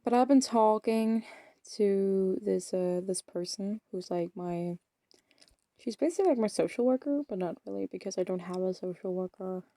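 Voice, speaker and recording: Girl rambling on her vlog, gravelly, kinda dark mellow voice, dry sound. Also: medium pitch, moderate pace, no echo. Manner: rambling, self-deprecating, often trails off into mumbles. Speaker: vlogger. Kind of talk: rambling casual vlog chat while playing a game.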